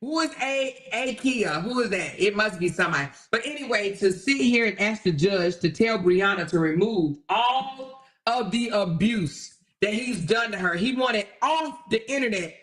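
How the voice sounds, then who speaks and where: Brief: woman livestream host, bright and forceful, profane and emphatic. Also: mid-range voice, expressive, moderate pace. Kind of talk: livestream commentary.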